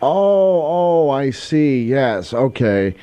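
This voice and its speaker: Brief: man, call-in radio host, loose and rambling, warm low tone, dry studio mic. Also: very animated, drawn-out words, clean tone, no echo, muffled recording. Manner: rambling, with many fillers and restarts. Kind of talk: casual call-in chat. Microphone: studio microphone.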